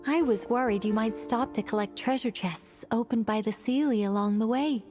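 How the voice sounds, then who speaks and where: A woman voicing a composed, regal female mage in a game, speaking with an American accent over British tells and crisply over-enunciated R sounds. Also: on the high side, normal speed, darkish tone, lightly acted. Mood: measured. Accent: British speaker doing an American accent. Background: game music.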